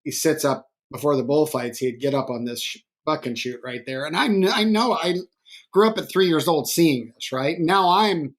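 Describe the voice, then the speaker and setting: A middle-aged man hosting a podcast interview, telling stories in a rambling, animated way full of restarts. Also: on the high side, moderate pace. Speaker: podcast host. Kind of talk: conversational interview.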